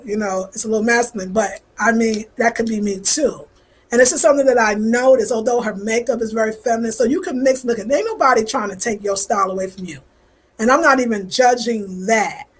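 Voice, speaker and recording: Chatty husky New York woman in her fifties. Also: a little high. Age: 50s. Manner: animated, chatty, slangy. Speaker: vlogger. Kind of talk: casual live-stream chat.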